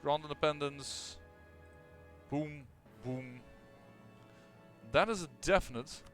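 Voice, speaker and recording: A man's voice: a little high, slow pace, a bit bright, faint music behind. A man casually commenting on his own strategy game as he plays, thinking aloud with lots of fillers and restarts. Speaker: gameplay commentator.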